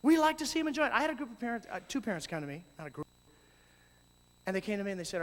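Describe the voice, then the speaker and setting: A man telling lively stories to an audience as a youth ministry speaker, acting out voices and shouting at times. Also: extremely high pitch, very fast, pauses often. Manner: animated, acts out voices and shouts. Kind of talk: storytelling talk to an audience. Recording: long hall reverb.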